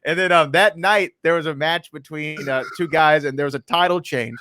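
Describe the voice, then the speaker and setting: A man hosting a sports radio show, telling stories in an animated way with frequent laughs. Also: fairly high pitch, normal speed, dry recording, studio quality. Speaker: radio host, ring announcer. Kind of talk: casual radio chat.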